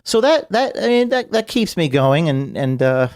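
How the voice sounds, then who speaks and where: Emotional, halting man in an interview. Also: a little high, very animated. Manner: emotional, halting, trails off quietly. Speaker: podcast guest. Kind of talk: interview conversation.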